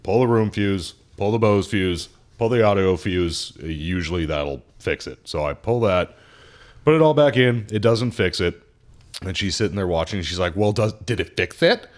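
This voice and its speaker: A young man, a podcast co-host, casually telling a story about a customer at his car shop. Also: normal speed. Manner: animated, acts out customer in high voice.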